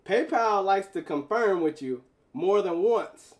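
A high-voiced man speaks to his audience in a casual monologue, spinning a personal story. His delivery is animated and full of slang, with easy laughter along the way. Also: slow. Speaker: vlogger telling a story.

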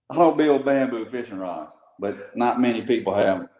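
A man's voice: medium pitch, darkish tone. A man, a guest who builds custom rods, talking in a laid-back, plain-spoken way. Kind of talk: casual interview chat. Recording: roomy echo.

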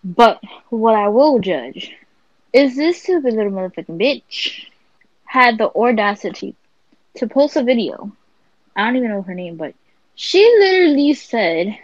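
A woman co-hosting a podcast, telling stories in a blunt, profane, animated way. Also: a little high, no room sound, highs cut off. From Latina. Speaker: podcast co-host. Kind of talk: casual chat.

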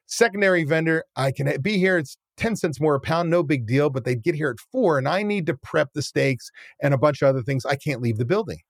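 A restaurant owner chats casually and animatedly, telling stories, acting out scenes with quoted voices and swearing bluntly. His voice is fairly high and a little fast with few pauses, and the studio sound is clean with no echo.

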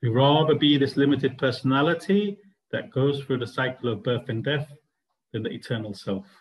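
A man with a medium-pitched voice and moderate pace teaches a spiritual study group, earnestly explaining ideas and posing rhetorical questions to the class in a discussion-style lecture. The recording is rough.

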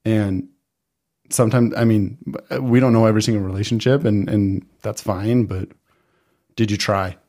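Mellow-voiced man, earnest questions. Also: fairly low pitch, steady tone, normal speed. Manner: earnest, questioning, swears casually. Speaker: podcast co-host. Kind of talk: casual chat.

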